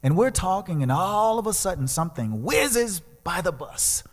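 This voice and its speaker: A man's voice: high voice, sing-song, normal speed. A male guest speaker and musician giving a storytelling sermon, dramatically acting out the voices in his story. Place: large church sanctuary. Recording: long reverb of a church hall.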